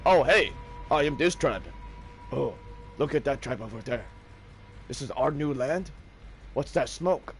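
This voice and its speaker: A man voicing a tribal man who plots a night raid in a low, hushed, conspiratorial voice. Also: lively intonation, unhurried, pauses often, faint music behind. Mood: hushed scheming.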